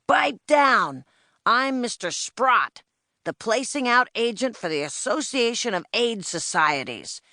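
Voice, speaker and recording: Woman doing a blustering, shouting boss of a man. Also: on the high side, sing-song, slow pace, dry recording, studio quality, voice pushed up, exaggerated voice. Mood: bossy shouting. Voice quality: gruff, shouting. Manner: barking orders, threatening. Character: loud, bossy, blustering stout man in charge.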